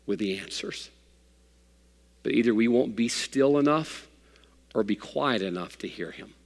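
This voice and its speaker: A male pastor preaching a sermon, swinging between loud, emphatic passages and hushed, soft ones. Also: medium pitch. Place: church sanctuary. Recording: long hall reverb.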